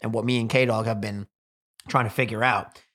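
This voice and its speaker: A young man hosting a casual podcast, animated and swearing freely, acting out quotes as he tells stories. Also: lowish voice, moderate pace. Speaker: podcast host.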